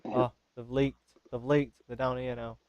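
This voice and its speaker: A man hosting a casual podcast chat, joking in a wry, deadpan way. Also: mid-range voice, normal speed, dry recording, lo-fi sound. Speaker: podcast host.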